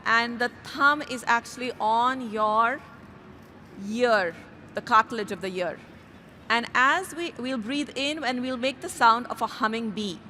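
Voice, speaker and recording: A woman yoga instructor calmly guiding a class outdoors through breathing exercises, speaking slowly and gently. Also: fairly high pitch, a little hiss or hum. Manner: calm, slow, gently instructive. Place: outdoors in a city square.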